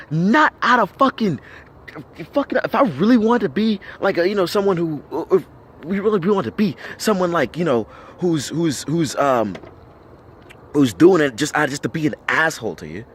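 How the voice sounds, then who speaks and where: Speaking to camera in a fairly high voice, an American vlogger delivers an argumentative, heavily profane rant full of rhetorical questions and emphatic repetition. A little hiss or hum can be heard.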